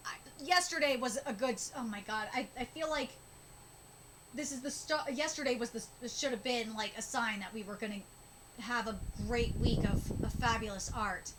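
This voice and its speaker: A high-voiced woman reacts live to a manga chapter, her speech halting and full of restarts. Steady noise and clicks sit behind her voice. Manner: emotional, halting, many restarts.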